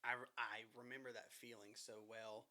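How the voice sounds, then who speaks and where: A man's voice: medium pitch, level tone, normal speed, bright, forceful tone. A man co-hosting a podcast, talking in an earnest, casual way and backing up his friend's story. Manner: earnest, chimes in to back up the story. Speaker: podcast co-host. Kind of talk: casual chat.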